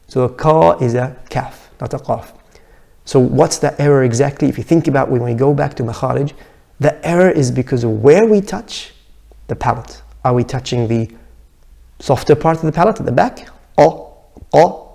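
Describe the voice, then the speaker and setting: A man with Arabic as his first language, teaching a recorded pronunciation lesson, patiently demonstrating sounds by repeating syllables slowly. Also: medium pitch, creaky, warm tone. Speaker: Tajweed teacher.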